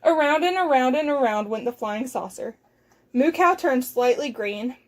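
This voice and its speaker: A woman, a children's librarian, reading a picture book aloud with expressive, clearly enunciated storytelling. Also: high-pitched, normal speed.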